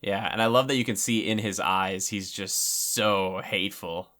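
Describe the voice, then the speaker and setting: A man's voice: on the low side, fairly even intonation, moderate pace, pushed and bright. A man giving casual commentary over a film, chatty and rambling, with lots of filler words.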